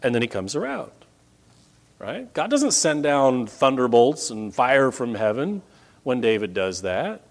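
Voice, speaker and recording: A man preaching a sermon in a conversational, energetic way to a congregation. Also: a little slow, creaky. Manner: lively, conversational preaching with wide pitch swings.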